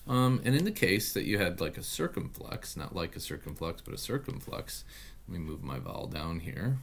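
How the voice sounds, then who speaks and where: Deep-voiced man teaching a halting lesson. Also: big pitch swings, vocal fry, a little hiss or hum. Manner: halting, many fillers and self-corrections. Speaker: Greek teacher. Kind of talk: online video lesson.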